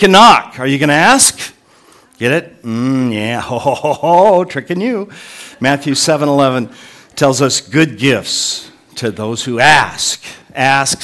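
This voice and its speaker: A man's voice: mid-range voice, a bit bright. A male pastor preaching a sermon in a conversational way, breaking off into joking asides to his listeners.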